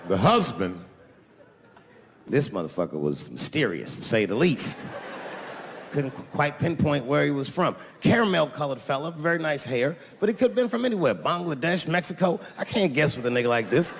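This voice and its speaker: A man doing stand-up, telling a profane story in an animated way and putting on voices for the people in it. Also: on the high side, normal speed, background noise. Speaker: stand-up comedian. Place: large theater stage before a live audience. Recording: reverberant hall with loud crowd laughter. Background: audience laughter.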